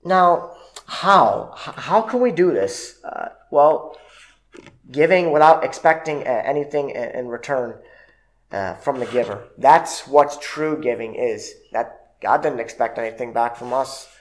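A man preaching a sermon in a church, halting with fillers and restarts, and reading scripture aloud in old-fashioned wording. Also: mid-range voice, animated, poor audio.

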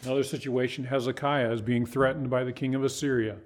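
A man's voice: mid-range voice, little pitch movement, fast. A man preaching a sermon, pressing his points with rhetorical questions and voiced asides. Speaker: pastor.

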